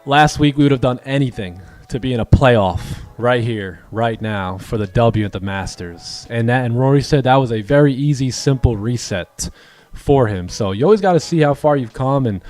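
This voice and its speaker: A man's voice: moderate pace, faint music behind. Upbeat man coaching day traders. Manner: animated storytelling, acts out quoted dialogue in a higher voice; encouraging, motivational. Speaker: day-trading coach and stream host. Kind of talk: casual livestream chat.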